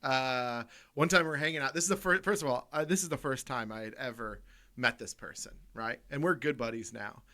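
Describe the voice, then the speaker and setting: A man's voice: medium pitch, a little fast, bright, forceful tone. A man co-hosting a comedy podcast, telling rambling stories in a casual, self-amused way and laughing in the middle of them. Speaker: podcast co-host. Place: podcast studio.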